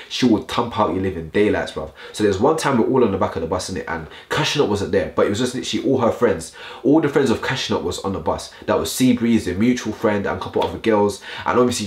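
A young man rattling off a storytime vlog, packed with slang and asides to his viewers. His voice sits very low and he talks fast. The room around him gives it a clear echo. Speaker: vlogger. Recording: roomy echo.

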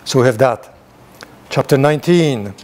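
This male priest, speaking at a normal speed in a mid-range, expressive voice with a darkish color, leads a church Bible study. He lifts his voice to read the scripture, then explains it through casual asides and rhetorical questions.

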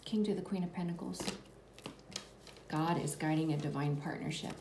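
A woman giving a spiritual tarot reading to her viewers, soft and reassuring, often dropping to a whisper. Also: sits low, normal speed. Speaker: tarot reader. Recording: echoey room, distant mic, background noise.

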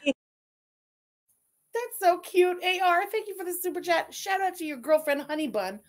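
A woman's voice: very high-pitched, measured pace, soft background music. A woman streamer giving crude, sarcastic reaction commentary and thanking viewers.

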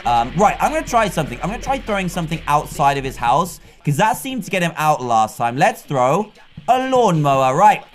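British man, let's-play commentary, high-pitched, very animated, panicky yelps, faint game music behind. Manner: excitable, breaks into panicked shouts. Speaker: gaming video host.

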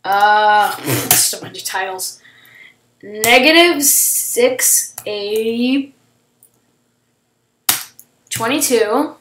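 A woman hosting casual gameplay commentary, excitable, shrieking and gasping at surprises. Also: fairly high pitch, drawn-out words, long pauses, reverberant, slight background noise, poor audio. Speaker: gaming channel host.

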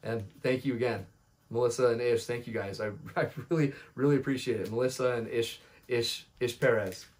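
A man thanking viewers in a casual vlog, halting and full of restarts and fillers. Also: mid-range voice, fairly even intonation, a little mellow. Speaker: vlogger thanking donors. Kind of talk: casual thank-you video.

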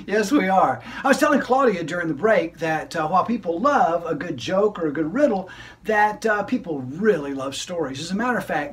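A man's voice: sits high, lively intonation, a little fast, recorded from a distance. A man who is a magician, hosting a children's library video show and playing straight man to his puppet.

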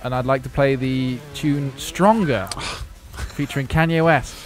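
British man, gaming co-host, wry jokes, mid pitch, loud game music. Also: fairly even intonation, measured pace. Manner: wry, joking. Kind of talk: casual gaming banter.

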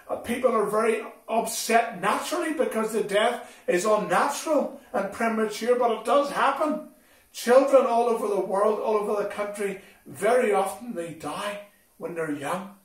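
A man telling a Bible story to children at a school assembly, animated and expressive as he talks to them directly. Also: high voice, moderate pace. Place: school hall. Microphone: distant from the recording mic. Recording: echoey hall from far off.

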